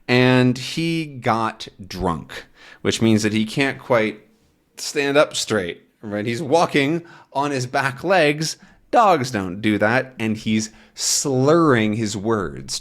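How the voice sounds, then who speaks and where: A man's voice: medium pitch, expressive, slow. A man teaching English with a comic, explaining patiently and rephrasing words in simple terms. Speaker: English teacher and channel host. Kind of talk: slow explanatory language lesson.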